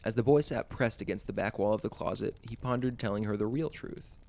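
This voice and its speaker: A man hosting a podcast, narrating a suspenseful story in a measured way. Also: lowish voice, vocal fry, darkish tone.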